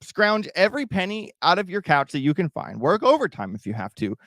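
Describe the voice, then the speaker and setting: A man's voice: sits high, wildly swooping pitch, a little fast, fairly bright tone, no echo, studio quality. A man hosting a crypto livestream in casual, rambling talk, often restarting and repeating himself while addressing viewers. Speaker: crypto YouTube host.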